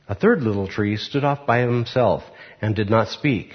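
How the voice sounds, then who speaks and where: Low-voiced, unhurried man preaching. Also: big-room sound. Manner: unhurried, reflective, with fillers. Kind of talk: sermon with a read-aloud story. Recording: muffled recording.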